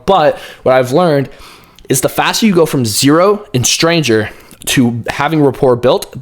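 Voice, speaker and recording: A young man who is an online fitness coach, teaching sales in casual talk to a camera. He talks with lively energy, swears freely and acts out call openings in a brighter voice. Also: medium pitch. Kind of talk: casual talking-head coaching. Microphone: camera facing the speaker, leaning in.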